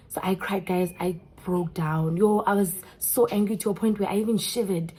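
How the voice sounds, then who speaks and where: A young South African woman with a South African accent, telling a story in an animated way straight to her viewers. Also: medium pitch, normal speed, slightly rough. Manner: animated, keeps addressing viewers as guys. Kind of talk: storytime vlog.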